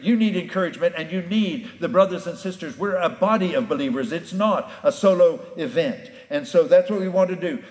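A man preaching a sermon as pastor, in a folksy storytelling manner that acts out the characters. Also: high-pitched. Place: church sanctuary. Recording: echoey hall.

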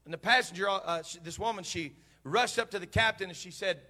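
High, bright-voiced impassioned male preacher. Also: brisk. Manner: impassioned, swells to shouting. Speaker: pastor. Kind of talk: sermon.

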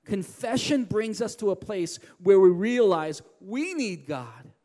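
A man preaching a sermon as pastor, swinging from loud emphatic lines to hushed, quiet ones. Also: high voice, animated, unhurried. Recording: long hall reverb.

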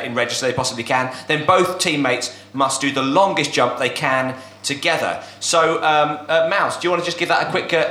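Bright, lively-voiced man hosting a comedy game. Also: fairly high pitch. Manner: brisk rule-explaining, breaks into laughter. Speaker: game host. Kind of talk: comic podcast hosting. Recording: roomy echo.

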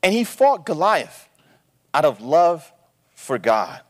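A male pastor preaching a sermon in an animated, conversational way, often checking in with "right?". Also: on the high side, takes it slowly, big-room sound.

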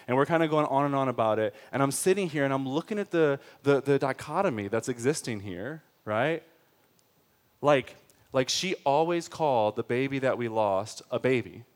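Impassioned male preacher, forceful then hushed. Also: mid-range voice. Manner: addresses listeners as friends. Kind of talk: sermon.

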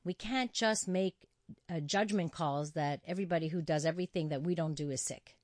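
A woman with a fairly low voice hosts a talk show, reading listener texts aloud and working through research findings. She talks with frequent "uh"s and small restarts. The sound is dry and close. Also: a little fast, a little mellow, no room sound. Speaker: host. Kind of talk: radio talk show discussion.

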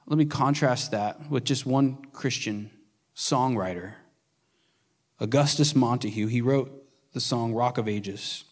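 A male pastor preaching a sermon with earnest, shifting emphasis, at times dropping to a hush and then building up again. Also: medium pitch. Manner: earnest preaching, swings between hushed and emphatic. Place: church sanctuary.

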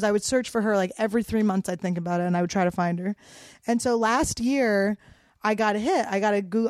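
A woman's voice: mid-range voice, darkish tone, no echo, studio quality. A woman from Philadelphia, a comedian, telling a wild story in a casual, profane way. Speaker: comedian guest.

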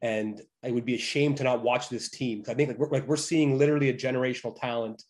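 A man's voice: medium pitch, fast talker. Man chatting casually on a podcast. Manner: animated storytelling, frequent fillers. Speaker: podcast co-host.

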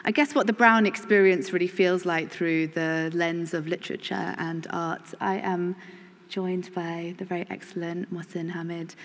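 Woman panel chair, lowish voice, casual and friendly, hall reverb, faint noise. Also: steady tone, normal speed. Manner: friendly, laughs easily, some fillers. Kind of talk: live panel moderation.

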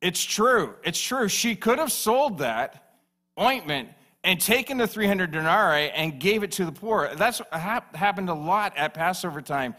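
Male pastor, sermon, emphatic repetition, bright forceful voice, fairly high pitch. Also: animated, measured pace. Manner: emphatic, repeats phrases for stress.

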